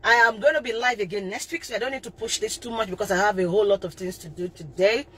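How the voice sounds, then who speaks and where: A woman's voice: mid-range voice, fast talker, fairly bright tone, slightly rough. A middle-aged woman giving an impassioned live talk as a parenting coach, stressing her points and often repeating and restarting phrases. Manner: emphatic, impassioned preaching.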